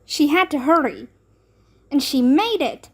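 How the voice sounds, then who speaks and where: A woman reading a children's book aloud, narrating in a slow, expressive manner. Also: high voice. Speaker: storybook reader.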